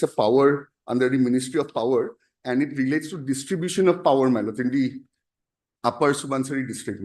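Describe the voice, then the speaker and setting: A man arguing a case as an advocate in a courtroom, formal and halting, constantly addressing the bench. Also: mid-range voice, darkish tone. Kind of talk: courtroom argument.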